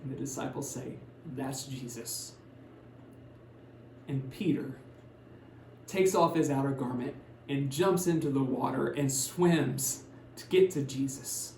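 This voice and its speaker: A man preaching a sermon, retelling a Bible story in a conversational way, his voice swinging between loud and hushed. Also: medium pitch, measured pace, echoey room, a little hiss or hum. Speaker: pastor. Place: church sanctuary.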